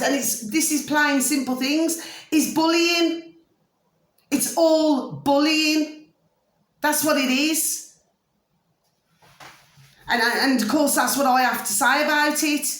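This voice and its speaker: A middle-aged woman talks on and on in a rambling vlog, pitched a little high and forever checking that the listener follows her. Her voice bounces around a hard, echoey room at home. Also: fairly bright tone. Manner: rambling, repeatedly asks "do you see what I mean". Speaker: vlogger. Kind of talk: casual monologue to camera.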